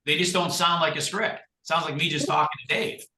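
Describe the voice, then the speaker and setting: Male guest coach, animated and emphatic, bright tone, roomy echo. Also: a little high, a little fast. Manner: animated, emphatic, acts out sample conversations. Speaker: guest speaker, recruiting coach. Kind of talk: energetic coaching talk on a video call. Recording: echoey room.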